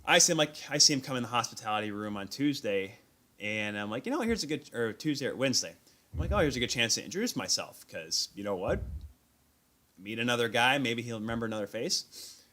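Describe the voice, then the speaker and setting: A man hosting a live sports talk stream, telling animated, self-deprecating stories about his encounters at an event. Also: mid-range voice, fairly quick. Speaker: host. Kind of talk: casual sports chat. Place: remote stream call.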